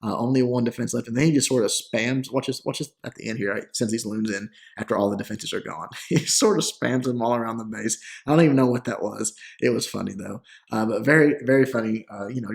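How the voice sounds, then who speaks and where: A young man hosting a gaming channel, giving relaxed, chatty commentary over gameplay with lots of "uh" and restarts. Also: fairly low pitch, quick pace, vocal fry, few pauses.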